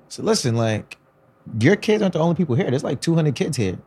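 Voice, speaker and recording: Animated man telling a story. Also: quick pace, slightly rough. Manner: animated storyteller, acts out quotes with raised pitch. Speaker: podcast co-host. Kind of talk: casual chat.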